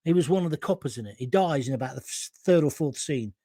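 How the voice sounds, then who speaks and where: A man's voice: a little high, lively intonation, fast talker, mellow, dry recording, studio quality. A middle-aged man hosting a live talk show, chatting through viewer comments and wandering into anecdotes.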